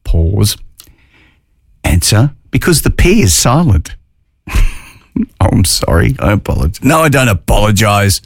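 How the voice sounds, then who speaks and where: An Australian man hosts a talk radio show, chatting easily and cracking corny jokes. His voice sits low, and the studio sound is dry and close. He rambles through the segment in a relaxed, friendly way. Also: normal speed, no room sound. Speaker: radio host. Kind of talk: casual talk radio chat.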